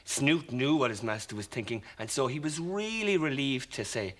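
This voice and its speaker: An Irish man presenting a children's TV show, telling a story in an animated, expressive way. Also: mid-range voice, moderate pace, few pauses.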